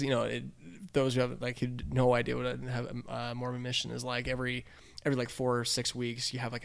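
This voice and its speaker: Laughing animated man telling stories. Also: medium pitch, gravelly. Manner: animated storyteller, laughs a lot, says dude. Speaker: podcast host. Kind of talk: casual chat.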